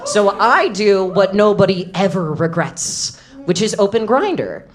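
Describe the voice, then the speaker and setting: A comedic storyteller telling a live story to an audience, animated and bursting into loud shouts at punchlines. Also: female voice, mid-range voice, unhurried. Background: audience laughter.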